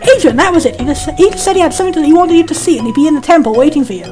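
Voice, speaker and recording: A woman's voice: high-pitched, lively intonation, racing, warm tone. A woman giving casual, chatty commentary while playing a video game, comparing it with other versions. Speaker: let's play host. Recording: game music behind.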